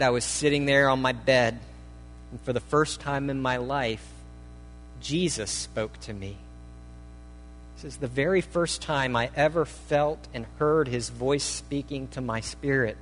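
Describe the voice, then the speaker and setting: A man delivers a sermon, reading a testimony aloud in the first person with earnest drama, rising loud and dropping low. His mid-pitched voice rings out in a hall with a long reverb. A faint hum sits underneath. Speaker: preacher.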